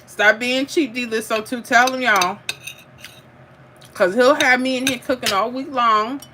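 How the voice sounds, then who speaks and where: A woman's voice: fairly high pitch, steady tone, unhurried, noisy background. A middle-aged woman, chatting casually while she eats on a home livestream and reads out viewer comments, laughing and calling people "honey". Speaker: livestream host.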